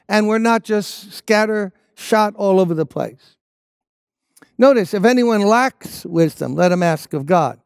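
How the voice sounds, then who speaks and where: A man's voice: high-pitched, darkish tone, clean tone, no echo, clean studio sound. A man preaching a sermon as a pastor, emphatic and repeating his key phrases.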